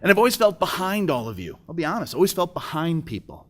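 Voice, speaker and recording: A man's voice: a little high, big pitch swings, quick pace, slight background noise. Man telling a heartfelt personal story. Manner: storytelling, acts out dialogue, emotional. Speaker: speaker at a business breakfast. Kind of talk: personal testimony speech. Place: event hall.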